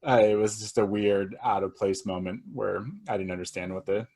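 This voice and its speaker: A man's voice: fairly low pitch, fairly even intonation, normal speed, a little mellow. A man co-hosting a casual film review podcast, rambling and joking with lots of fillers. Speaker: co-host. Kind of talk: casual movie review chat.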